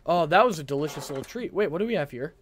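A man streaming a horror game, talking to his chat with frantic, profane yelling reactions. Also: a little high, expressive, rapid-fire, slight background noise. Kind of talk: live gameplay commentary to chat.

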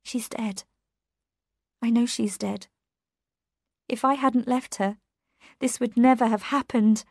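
A woman's voice: a little high, steady tone, slow pace, dry recording, voice pushed up. Woman reads scared young woman, urgent, pleading, dry close sound. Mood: distressed. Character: agitated young woman, frightened and guilty.

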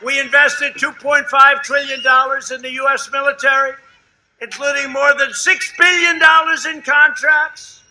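A man's voice: very high-pitched, flat delivery, normal speed, rough recording. Brash older man speaking at a rally. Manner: boastful, rambling, repetitive, shifts between loud shouting and hushed asides. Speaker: politician at a campaign rally. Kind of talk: rally speech. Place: outdoor rally before a large crowd.

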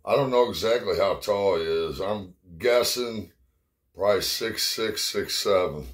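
Man, middle-aged, very deep voice, profane rambling storyteller, short of breath. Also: measured pace. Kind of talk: casual spoken memories.

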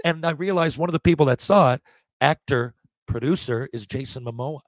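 A man's voice: mid-range voice, fairly quick, dry recording. Man in his forties telling stories. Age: 40s. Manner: animated anecdote-telling, acting out quotes, frequent restarts. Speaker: podcast guest, former hockey player. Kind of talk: casual storytelling.

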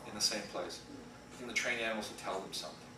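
A man's voice: lowish voice, quick pace. A middle-aged man giving a casual guest lecture as an animation storyboard artist, rambling through anecdotes, laughing often and acting out quotes. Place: school lecture room. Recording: echoey room, distant mic, faint hiss.

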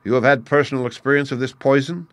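A man's voice: mid-range voice, fairly even intonation, quick pace, no echo, voice pushed up, lightly acted. A man reading a cool, cautious surgeon. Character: calm, cautious male surgeon.

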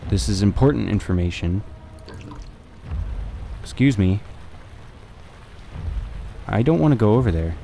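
A man's voice: lowish voice, lively intonation, a little slow, gravelly, long pauses, mellow, slight background noise. A young man casually commenting on a horror game as he plays, swearing and talking to himself. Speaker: let's play gamer.

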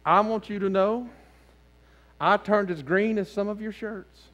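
Man, pastor, lively preaching, slightly higher voice, church sanctuary. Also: measured pace, highs cut off. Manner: animated preaching, swinging between loud and hushed. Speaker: lead pastor. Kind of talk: sermon.

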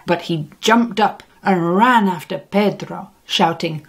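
A woman narrating a children's storybook in a gentle, expressive read-aloud manner, dropping Spanish words into English sentences. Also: fairly low pitch, takes it slowly, vocal fry, breathy edge. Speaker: audiobook narrator.

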